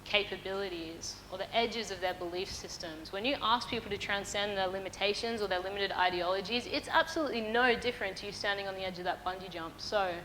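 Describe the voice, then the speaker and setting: A young Australian woman speaks from a festival stage with a bright, forceful tone. Her pitch sits in an ordinary middle range. She tells a personal story in a frank, lively way and swears casually. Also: quick pace, hardly any pauses, slight background noise, low-quality recording. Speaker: motivational speaker. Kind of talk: keynote storytelling talk.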